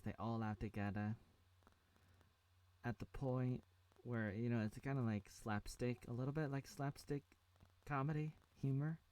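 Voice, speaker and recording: A man's voice: mid-range voice, a little mellow. A man in his thirties casually recapping a sitcom episode, rambling with lots of fillers. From United States (Oregon). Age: 30s. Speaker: show reviewer.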